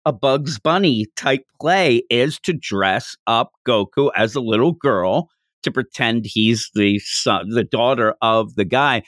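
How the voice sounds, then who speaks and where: This is a man with a middle-range voice, recorded close and dry with no room sound. He retells a comic chapter in relaxed podcast chat and acts out the lines as he goes. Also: mid-range voice, slow, no room sound. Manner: animated storyteller who acts out the characters' lines. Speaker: podcast host.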